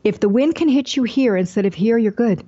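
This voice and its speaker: A woman's voice: a little high, a little fast, lo-fi sound. An older woman guest, an author, telling her life story candidly in an interview and acting out the people she quotes. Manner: animated, acts out quoted dialogue.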